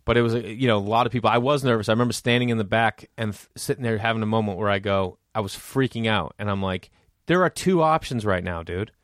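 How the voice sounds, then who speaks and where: A man's voice: on the low side, quick pace, hardly any pauses, dry recording, clean studio sound. A man, a stand-up comedian, telling stories in casual podcast chat and acting out the voices of people he quotes. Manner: animated, acts out quoted voices.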